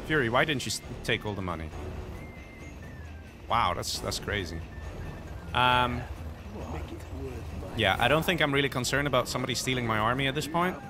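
A man's voice: medium pitch, lively intonation, moderate pace, pauses often. A man giving casual, self-mocking commentary while playing a strategy game online, laughing often. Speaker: game streamer. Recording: faint game music behind.

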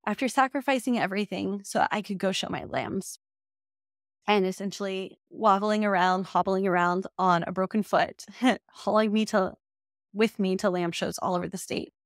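A woman's voice: mid-range voice, moderate pace, dry recording. Heartfelt woman podcast host, dry sound. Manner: heartfelt, emotional, says y'all often. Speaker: podcast host and business coach. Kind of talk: casual solo podcast talk.

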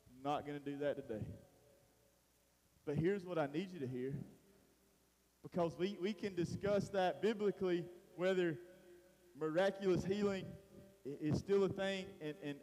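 Man preaching, high voice, loose conversational delivery with restarts, reverb from a church hall. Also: darkish tone. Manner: casual Southern preaching, lots of "man" and restarts. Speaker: pastor. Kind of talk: sermon.

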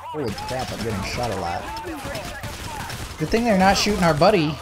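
A man's voice: a little high, big pitch swings, normal speed. A man giving casual, joking commentary while playing a video game with a friend. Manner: joking, wry remarks. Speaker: let's play commentator.

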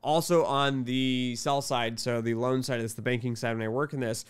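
A middle-aged man talking casually to camera about finance work, telling candid stories and acting out both sides of sales pitches. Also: fairly even intonation, normal speed, clear, resonant tone. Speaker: quant finance commentator.

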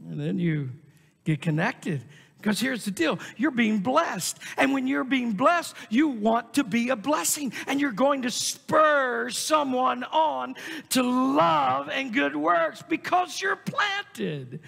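A male pastor preaching a sermon in a church, emphatic and rising to shouts on key points. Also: sits high, creaky, slightly rough. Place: church sanctuary. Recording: long hall reverb.

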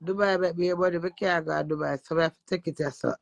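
Jamaican woman, gravelly voice, brash profane patois, live-stream chat. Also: lowish voice, steady tone, fast, dry recording, rough recording. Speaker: social media influencer.

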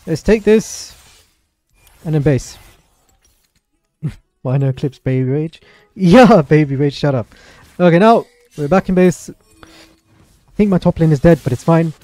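A young man commentates his own match live for his stream, chatty and excitable. His voice sits a little high, with a mellow, soft tone. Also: dry recording. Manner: excitable, chatty, apologetic asides to chat.

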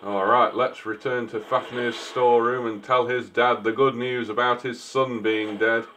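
A man's voice: mid-range voice, little pitch movement, moderate pace, sharp tone, slight background noise. A man giving casual joking commentary while he plays a game, talking back to the characters. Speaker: gameplay streamer. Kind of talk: casual let's-play commentary.

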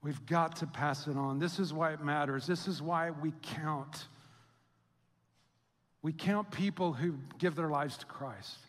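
Pastor, middle-aged man, high voice, chatty storyteller, preaching in a reverberant sanctuary. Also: unhurried. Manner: conversational storytelling, acts out quoted voices. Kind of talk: sermon. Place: church sanctuary. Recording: long hall reverb.

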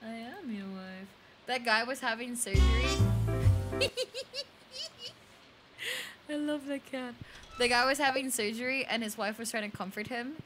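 A woman's voice: on the high side, fairly even intonation, fast talker, over music. Chatty young woman, light Filipino accent. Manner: chatty, reads chat aloud, swears freely. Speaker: streamer. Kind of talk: casual game stream chat.

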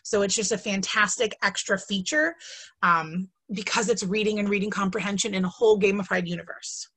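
A woman's voice: mid-range voice, steady tone, a little fast, a bit bright, husky. Chatty woman teacher giving a webinar. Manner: chatty, enthusiastic, with frequent ums and asides. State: has the hiccups. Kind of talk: casual instructional webinar talk.

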